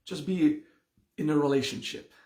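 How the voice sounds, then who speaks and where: A man's voice: a little high, steady tone, darkish tone, reverberant. A man teaching a live online class, patiently explaining word meanings and checking in often with the listeners. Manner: slow, patient explaining with frequent "okay?" checks. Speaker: meditation and mantra teacher.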